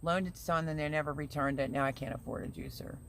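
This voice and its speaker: A woman's voice: deep voice, steady tone, fast, a bit bright, a little hiss or hum. Chatty woman venting on a live stream. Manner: chatty, venting, reads viewer comments aloud. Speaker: livestream host. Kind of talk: casual live-stream chat.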